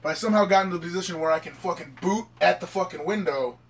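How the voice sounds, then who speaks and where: A young man rambling excitedly through a story among friends, swearing constantly in casual chat. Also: high-pitched, racing. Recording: mic at a distance.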